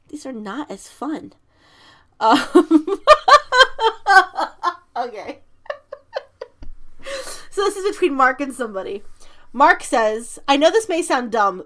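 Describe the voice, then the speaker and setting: This is a woman co-hosting a casual podcast, reading funny messages aloud with playful emphasis. She giggles often, and her voice sits a little on the high side. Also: fairly bright tone. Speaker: podcast co-host.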